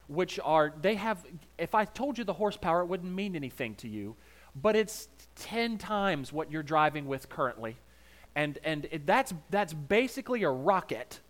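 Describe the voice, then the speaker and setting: A man's voice: a little high, fairly bright tone. A man with a Southern American accent preaching a sermon in a folksy, humorous storytelling way, joking with the congregation.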